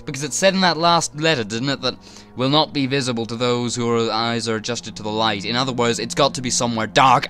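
A man's voice: mid-range voice, brisk, few pauses, sharp tone, faint music behind. A man commentating a horror game he is playing, jittery and swearing often as he talks to himself. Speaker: let's player.

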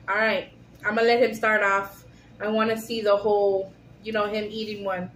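A woman's voice: medium pitch, level tone, normal speed, fairly bright tone. A woman hosting a casual food-tasting vlog, chatty and giggly, talking straight to her viewers. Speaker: vlog host. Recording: echoey room with faint hiss.

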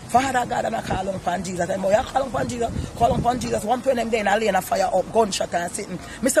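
A man's voice: high-pitched, fast, vocal fry, hardly any pauses. A Jamaican man giving an agitated, emphatic eyewitness account in a street interview outdoors. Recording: loud crowd and street noise.

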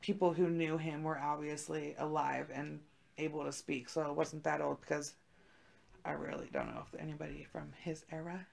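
A woman's voice: low-pitched, level tone, normal speed, vocal fry, darkish tone. Casual, profane young woman storyteller. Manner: profane, laid-back storytelling with lots of "like". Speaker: podcast co-host. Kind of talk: casual chat.

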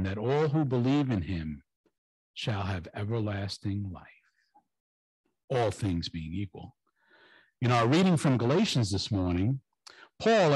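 A male pastor delivers a sermon in a church, his voice slightly husky and swinging widely up and down in pitch. He keeps it conversational, tossing joking asides to the congregation. The sound is close and dry, with little room echo. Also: darkish tone. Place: church sanctuary.

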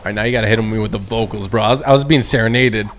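A man's voice: lowish voice, very fast, slight background noise. Guy streaming a game, joking around with his buddy on a headset mic. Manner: playful, hypes up his teammate. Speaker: gaming streamer host. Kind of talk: casual gaming chat.

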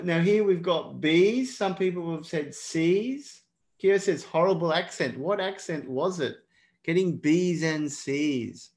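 A man teaching a live online exam prep class in a casual, chatty way, often calling out to everyone. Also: a little high. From not British. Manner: chatty, keeps addressing everyone.

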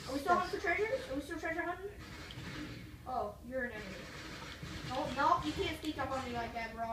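A high-pitched young gamer chatters and rambles through an online match, thoughts trailing off halfway. The voice sits back from the mic in an echoey room, with a faint hiss underneath. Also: quick pace, recorded from a distance. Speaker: gamer co-host. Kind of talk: casual gameplay commentary.

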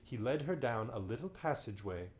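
A man's voice: medium pitch, expressive, fairly quick, darkish tone. A man reading a bedtime story aloud on a livestream, breaking in with playful, wry asides. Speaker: storyteller host.

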